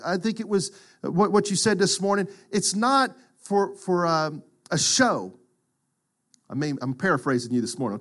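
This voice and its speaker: A middle-aged man preaching a sermon, acting out quotes and swinging from loud to hushed. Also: sits high. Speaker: pastor.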